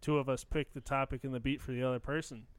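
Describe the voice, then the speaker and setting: A man's voice: mid-range voice, little pitch movement, quick pace, no room sound. A man hosting a podcast, chatting casually with brash, profane banter. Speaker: podcast host. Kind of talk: casual chat.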